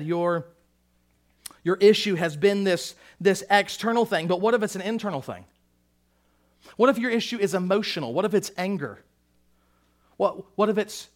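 A male pastor delivering a fiery sermon in a strikingly high voice. He shifts between shouted declarations and hushed, low passages. He often stumbles and repeats a word as he launches into a new sentence. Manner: impassioned preaching, swinging between shouting and hushed; repeats words when starting sentences.

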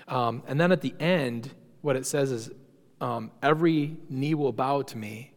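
A man's voice: medium pitch, darkish tone. A man teaching an informal church class, talking conversationally with many fillers and restarts. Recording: long reverb of a hall.

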